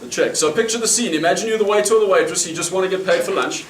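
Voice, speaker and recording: In a reverberant restaurant with background noise, a man from South Africa does card magic, his high voice racing along in a South African accent. He's chatty, laughs between lines, and poses questions to the audience.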